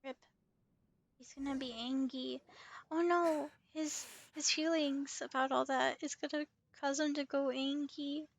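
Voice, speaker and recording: A young woman streaming a game and chatting through the story as it plays. Her voice sits high with a gravelly edge of fry. She reacts quickly and thinks out loud. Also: steady tone, no room sound. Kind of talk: casual gaming commentary.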